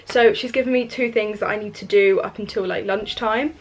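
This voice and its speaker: A woman's voice: medium pitch, steady tone, a little fast, low-quality recording. A young woman, chatting casually to camera in a vlog and using plenty of fillers. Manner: chatty, filler-heavy, lots of "literally" and "like". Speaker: vlogger.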